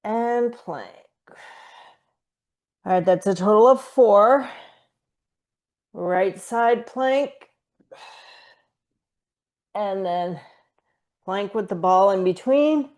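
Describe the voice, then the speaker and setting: Slow, unhurried woman teaching pilates. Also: mid-range voice, animated, a little mellow. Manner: counting reps while doing the moves. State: out of breath. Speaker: pilates instructor. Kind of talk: guided exercise class instruction.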